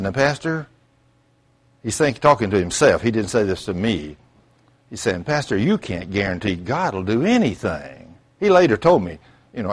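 An older male pastor delivers an animated sermon, his pitch leaping up and dropping low as he goes. He mixes folksy family stories with rhetorical questions and the odd sudden whoop. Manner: folksy storytelling.

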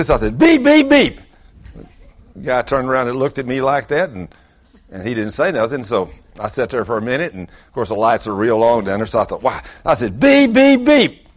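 An older man, preaching a folksy sermon full of acted-out stories. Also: mid-range voice. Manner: animated storyteller, acts out quotes loudly.

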